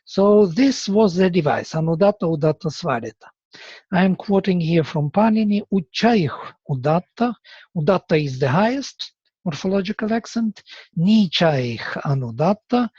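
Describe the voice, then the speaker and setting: Slow, husky male lecturer. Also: high voice, darkish tone, dry recording. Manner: slow, deliberate explaining with chanted examples. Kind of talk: university lecture. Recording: dull, lo-fi lecture recording.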